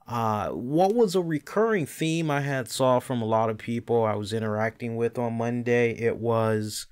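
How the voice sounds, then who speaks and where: A man's voice: mid-range voice, normal speed, hardly any pauses, clean tone. A man hosting a wrestling podcast, ranting casually and profanely, with mocking impressions of the people he talks about. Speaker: podcast host.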